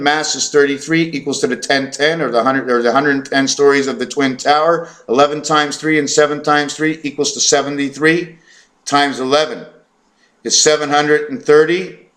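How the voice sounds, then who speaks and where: A man's voice: medium pitch, fairly bright tone. A man talking to camera in a rambling monologue, stumbling over his words, correcting himself and reeling off long strings of numbers. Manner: hesitant, stumbling, full of fillers and self-corrections; fast, run-on counting and reciting of numbers. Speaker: vlogger.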